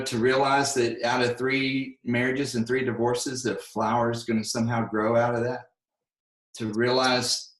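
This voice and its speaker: Soft-spoken man, echoey room. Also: mid-range voice, far from the mic. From United States. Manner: soft-spoken, earnest, reflective. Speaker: recording artist. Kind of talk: candid personal story, then worship song.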